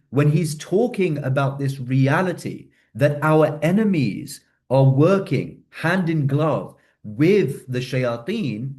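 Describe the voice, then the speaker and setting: A man giving an earnest religious lecture, slowing down to stress key words. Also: medium pitch, darkish tone. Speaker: religious speaker.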